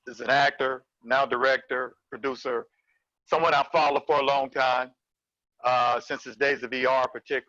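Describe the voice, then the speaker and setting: A man, a case manager, speaking in a casual webinar chat, halting with many fillers. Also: medium pitch, no echo. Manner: warm praising, halting with fillers. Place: video call. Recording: dry, dull lo-fi sound.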